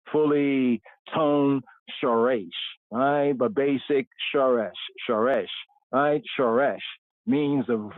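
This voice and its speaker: A man's voice: medium pitch, no room sound. A man teaching scripture over a phone-like line. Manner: explains slowly, repeats words and asks "right?" often. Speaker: podcast host teaching scripture. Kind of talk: teaching a Bible lesson. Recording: phone-like livestream audio, dry.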